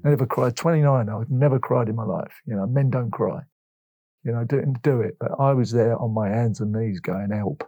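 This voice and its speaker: A man in his fifties from England talks openly as an interview guest, emotional and frank, slipping into the voices of people in his stories. His voice is husky and soft-edged, mellow rather than bright. The sound is dry and close. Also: mid-range voice, normal speed, no echo. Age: 50s. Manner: emotional, open storytelling with lively retold dialogue. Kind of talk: candid interview talk.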